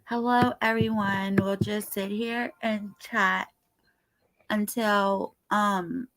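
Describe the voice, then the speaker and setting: A woman's voice: mid-range voice, fairly even intonation, fairly bright tone. A tired young woman, hosting a casual livestream chat and greeting viewers by name. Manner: greets chatters by name, chatty and unhurried. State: tired, yawning. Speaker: livestream host.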